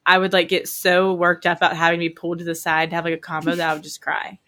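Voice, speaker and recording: A young woman with a lowish voice co-hosts a casual podcast chat. She rambles through her stories, leans on fillers like "like," and laughs easily as she talks. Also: monotone, fast talker, fairly bright tone. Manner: rambling storyteller, many fillers, often laughing. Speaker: podcast co-host. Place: Hawaii.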